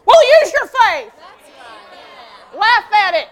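A middle-aged woman pastor preaching a lively sermon, acting out quoted dialogue and rising into shouts. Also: extremely high pitch, normal speed, a faint crowd.

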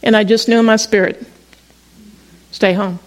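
A woman's voice: medium pitch, steady tone, moderate pace, rough recording. A middle-aged woman pastor preaching in a chatty storytelling way, often restarting her sentences. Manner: conversational storytelling with frequent restarts. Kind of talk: sermon.

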